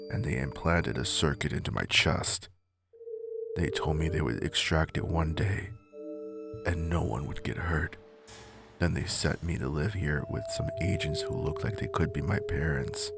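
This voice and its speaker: A secretive, frightened teenage schoolboy, played by a man reading a horror story, confesses in a low, hurried voice. The voice sits very deep, with a gravelly edge. Loud music plays under him.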